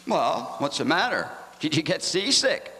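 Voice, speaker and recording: A man's voice: a little high, big pitch swings, unhurried, pushed and bright. A man playing the formal straight man to the jokers in a live stage comedy routine. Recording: amateur live show, hall reverb.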